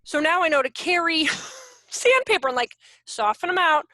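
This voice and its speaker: A woman in her forties, a behavior consultant, giving an animated, jokey online workshop talk over a video call. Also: very high-pitched, normal speed, no echo, studio quality. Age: 40s. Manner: animated, self-deprecating, jokey.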